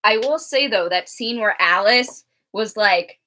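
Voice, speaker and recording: A young woman co-hosting a casual TV recap chat, animated and laughing often as she acts out characters. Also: medium pitch, unhurried. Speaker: co-host.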